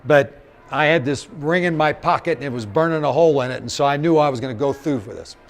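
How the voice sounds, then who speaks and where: A man's voice: fairly high pitch, fast talker. A middle-aged man from Missouri giving a live motivational talk, telling stories, acting out the quotes and speaking straight to the audience. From Missouri, USA. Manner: animated storyteller, acts out quotes, addresses the audience directly.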